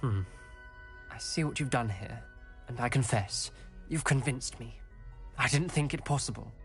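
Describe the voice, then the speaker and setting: A guarded young wizard student, careful and formal in every sentence, his voice sitting at an ordinary middle pitch. Faint game music plays under his lines. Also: measured pace, creaky. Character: reserved, wary young male wizard student. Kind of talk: video game dialogue.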